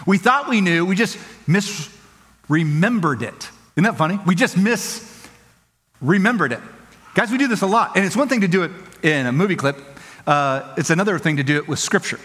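Male pastor, high-pitched, casual and playful delivery, echoing sanctuary. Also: fairly bright tone. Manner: conversational, playful, acts out quick quoted voices. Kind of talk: sermon. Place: church auditorium.

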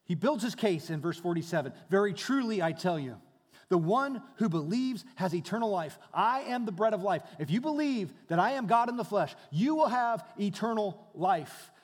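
Man preaching, swings from hushed to loud, slightly high voice, big echoey hall. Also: animated, normal speed. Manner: dynamic preaching, dropping to hushed tones then rising loud. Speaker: pastor. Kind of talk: sermon. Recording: long hall reverb.

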